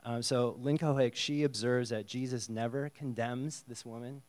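A man preaching a conversational sermon, reading Bible verses and acting out the dialogue in a casual, lively way. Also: mid-range voice, normal speed. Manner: conversational, animated, acts out the dialogue.

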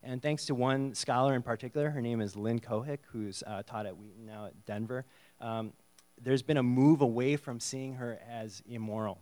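A man preaching a conversational sermon, reading Bible verses and acting out the dialogue in a casual, lively way. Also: mid-range voice, normal speed. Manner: conversational, animated, acts out the dialogue.

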